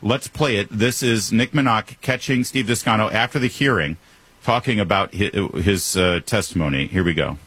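Talk radio guy, low husky voice, stumbles and restarts then pushes his point. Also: fairly bright tone, no room sound. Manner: halting restarts, emphatic opinions. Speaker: radio talk show host.

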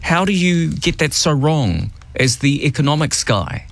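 This morning radio host speaks with a fairly high, unhurried, creaky voice. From his studio he keeps things chatty and lively, offering wry takes on politics and a casual rundown of the news.

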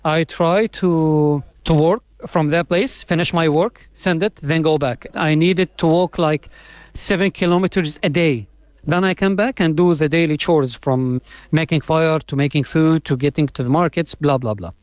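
A man from Gaza speaks conversationally in an interview, leaning on fillers as he goes. His voice sits somewhat high for a man, and the sound is dry and close. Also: normal speed, a little mellow, no echo. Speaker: interviewee, freelance writer. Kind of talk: casual interview talk.

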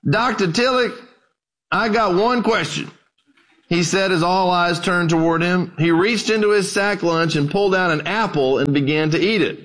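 Storytelling male pastor, slightly higher voice. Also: moderate pace, hardly any pauses, poor audio. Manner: conversational, folksy, animated storyteller. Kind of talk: sermon storytelling.

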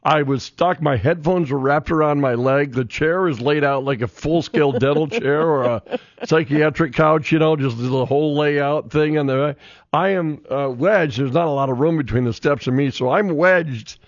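A man's voice: on the high side, normal speed, dry recording. A man hosting a sports radio show, telling stories animatedly and laughing often. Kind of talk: casual sports radio chat. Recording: dull, dry studio sound.

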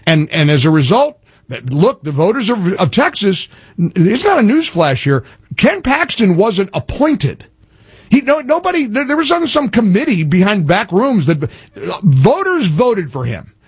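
Talk radio host, male, emphatic, husky higher voice, dry studio sound. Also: measured pace, dry recording. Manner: animated, emphatic, frequent restarts. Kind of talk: political talk radio chat.

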